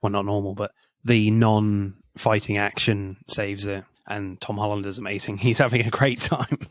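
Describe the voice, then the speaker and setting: A man's voice: lowish voice, flat delivery, moderate pace, no room sound. A man co-hosting a film review podcast in casual chat, chuckling often as he talks. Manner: chuckles often while talking. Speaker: podcast co-host reviewing films.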